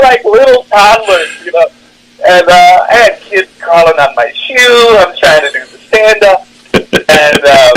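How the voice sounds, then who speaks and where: A male comedian telling stories in an interview, energetic and animated, often laughing as he talks. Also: high-pitched, a little hiss or hum, low-quality recording. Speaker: comedian guest. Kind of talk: animated storytelling.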